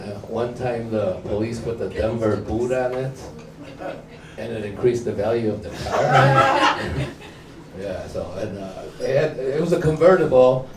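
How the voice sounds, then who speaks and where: A man's voice: medium pitch, very noisy. A man from Mexico whose first language is Spanish, nervously chuckling through an open-mic stand-up set in a small comedy club. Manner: nervous, chuckling between jokes. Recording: roomy club recording from far off. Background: audience laughter.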